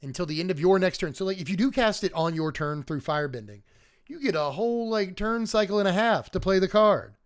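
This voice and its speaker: A man's voice: sits high, expressive, a little fast. A man hosting a casual livestream card review, talking animatedly, chuckling often and chatting with his viewers. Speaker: host.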